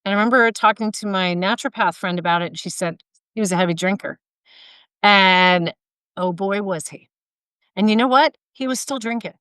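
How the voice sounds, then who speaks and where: A woman's voice: medium pitch, normal speed, a bit bright, clear, resonant tone, dry recording. A woman hosting a solo health podcast, talking informally with asides and self-corrections, a little tired and tongue-tied. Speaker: podcast host and health coach.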